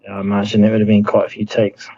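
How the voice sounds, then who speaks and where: A man's voice: fairly low pitch, monotone, rapid-fire, warm tone. A man chatting casually and agreeably with a friend. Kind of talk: casual chat. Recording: slightly dull, lo-fi sound.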